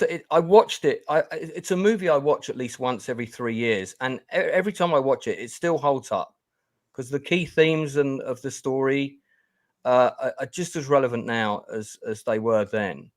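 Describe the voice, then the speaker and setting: A man hosting an interview, asking long, enthusiastic, rambling questions. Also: mid-range voice. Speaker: interview host.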